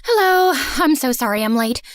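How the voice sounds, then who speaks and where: A young woman narrating an animated story in a sarcastic, chatty, exaggerated way. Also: sits high, moderate pace, dry recording, studio quality.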